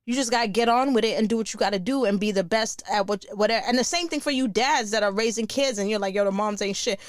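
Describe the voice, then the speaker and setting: A woman, hosting a podcast in a blunt, profane, animated casual monologue. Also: fairly high pitch, fast talker, no room sound, studio quality. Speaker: podcast host.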